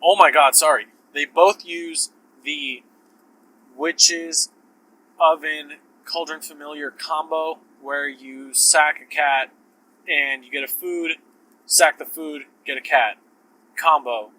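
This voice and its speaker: A man's voice: on the high side, fairly even intonation, slow pace, sharp tone, low-quality recording. A man hosting a podcast, with a sore throat, talking casually in a rambling, profane, self-interrupting way. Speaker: podcast host. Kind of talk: casual solo podcast talk.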